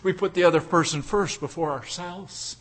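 A man preaching a sermon with emphasis, swinging from loud declarations to hushed pleading and often restarting words mid-phrase. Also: high-pitched, normal speed.

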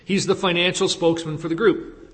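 A man's voice: high voice, fairly even intonation, a little fast, a bit bright. Man preaching in a reverberant hall. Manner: questioning, emphatic preaching with rhetorical questions. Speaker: pastor. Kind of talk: sermon.

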